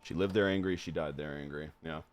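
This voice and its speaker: A young man streaming a horror game live, rambling off on tangents with frequent swearing and laughter, and reading the on-screen text aloud quickly. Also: extremely low pitch, steady tone, a little hiss or hum. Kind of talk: live gameplay commentary.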